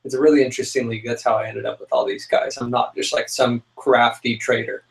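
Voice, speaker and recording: A young man co-hosting a casual chat show, telling a story with lively, dramatic outbursts. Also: medium pitch, fast talker, vocal fry, rough recording. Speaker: podcast co-host.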